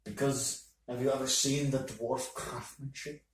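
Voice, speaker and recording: A man's voice: medium pitch, fairly even intonation, unhurried, lightly acted. A man voicing a proud, boastful male dwarf blacksmith who talks with swagger, recorded in an echoey room from a distance. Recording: roomy, distant mic with faint noise.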